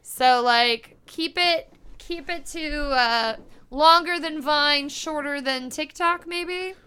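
A woman in her thirties co-hosting a casual chat, animated and blunt, swearing freely. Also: high voice, slow. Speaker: podcast co-host.

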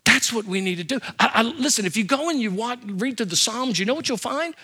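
An older man preaching a sermon as a pastor, animated and humorous, telling stories and asking rhetorical questions. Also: very high-pitched, fairly quick, breathy edge.

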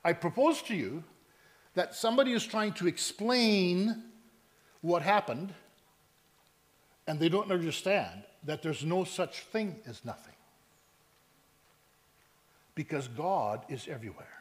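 Male preacher, high voice, animated storyteller who acts out dialogue, sermon delivery. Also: unhurried, long pauses. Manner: animated storytelling, acting out both sides of conversations.

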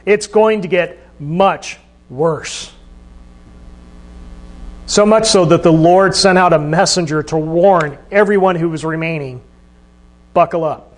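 A man with a high voice preaches a sermon. He keeps it conversational and asks his listeners questions as he goes. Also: unhurried. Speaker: pastor.

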